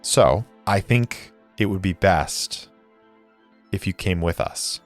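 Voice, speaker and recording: A man voicing a calm, guarded female spacefarer in a tabletop game, speaking in a measured way. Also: low-pitched, soft background music. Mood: earnest.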